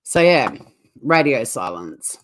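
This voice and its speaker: A woman's voice: rumbling low, big pitch swings, slow. An Australian woman co-hosting a casual reaction chat, blunt, swearing and laughing often. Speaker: channel co-host.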